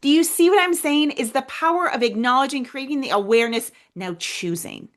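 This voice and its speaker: A woman with a fairly high voice hosts a faith-based motivational podcast. She speaks earnestly and with emphasis, addressing her listeners directly. At times she sinks to a soft hush as she acts out a quiet prayer. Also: lively intonation, brisk. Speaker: podcast host.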